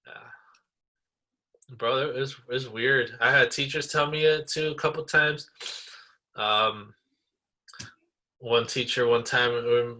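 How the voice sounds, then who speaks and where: A man co-hosting a podcast, telling stories in a casual, animated way, full of slang like bro and dude. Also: mid-range voice. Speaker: podcast co-host. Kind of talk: casual chat.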